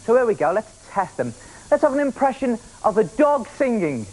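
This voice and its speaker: A man hosting a children's game show, playful and energetic, often shouting to the contestants. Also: very high voice, normal speed, heavy background noise. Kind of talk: lively TV game show presenting.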